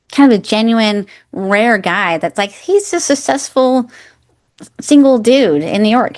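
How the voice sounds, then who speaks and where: Chatty woman in her forties. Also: medium pitch. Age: 40s. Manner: enthusiastic, acts out quoted lines. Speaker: podcast co-host. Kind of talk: casual chat.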